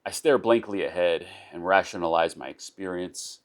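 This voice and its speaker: A man with a very low, deep voice reads a first-person story aloud. His delivery is unpolished, with small stumbles, restarts and repeated words along the way. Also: moderate pace, few pauses. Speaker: narrator of his own short story.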